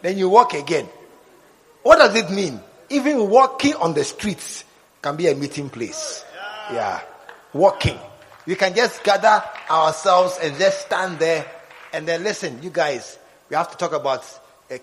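A man preaching a lively sermon, acting out little scenes and joking with his congregation. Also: on the high side, measured pace, long reverb tail, a little hiss or hum, rough recording. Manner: animated, acts out scenes, jokes with the congregation.

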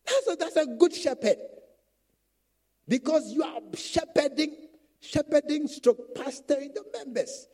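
The pastor's voice is extremely high and unhurried as he preaches to church leaders. He's animated, circling back to the same phrases and dramatizing the quotes he cites.

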